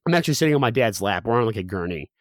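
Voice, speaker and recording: A man's voice: lowish voice, lively intonation, racing, no room sound, clean studio sound. A young man telling a personal story as a guest, candid and full of fillers and restarts.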